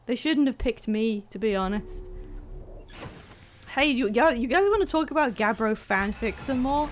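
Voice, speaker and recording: Woman streamer, casual game commentary, fairly high-pitched, chatty and swearing. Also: expressive, unhurried, slight background noise. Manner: chatty, swearing, laughing often, reacting to chat.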